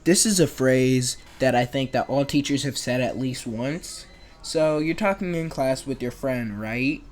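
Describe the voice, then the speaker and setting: A man's voice: mid-range voice, a little slow. A young man telling comedic school stories in a chatty, sarcastic way, acting out the people he quotes. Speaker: animation storyteller. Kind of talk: comedic storytelling.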